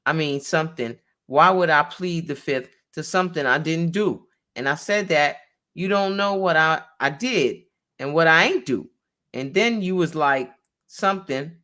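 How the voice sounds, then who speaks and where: A woman's voice: low-pitched, a bit bright. Woman attorney reading out a transcript. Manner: reads each speaker's name before their line. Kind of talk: reading a court transcript aloud, explaining it.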